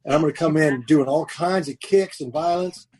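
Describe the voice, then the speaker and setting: A man's voice: a little high, moderate pace, a little mellow, husky. A man in his fifties co-hosting a podcast over a remote call, chatting casually and jokily with lots of fillers and restarts. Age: 50s. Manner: rambling, jokey, many fillers and restarts. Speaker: podcast co-host. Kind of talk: casual chat. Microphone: remote call mic.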